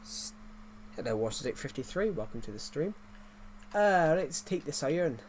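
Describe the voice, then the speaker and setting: Streaming a video game, a man with a rather high, darkish voice and big swings in pitch talks at normal speed. His casual chat with viewers rambles and jokes, with lots of self-correction and restarted sentences, over a slight hiss or hum.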